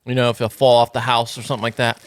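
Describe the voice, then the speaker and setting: A man with a mid-pitched voice co-hosts a podcast in casual chat. He cuts in with short, dry, teasing remarks. The studio sound is dry and close. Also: completely flat delivery, racing, dry recording. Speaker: podcast co-host.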